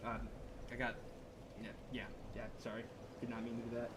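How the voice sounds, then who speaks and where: Young male streamer, excitable and profane, rambling play-by-play chatter at mid pitch. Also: brisk, background noise. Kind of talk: live gaming stream chat.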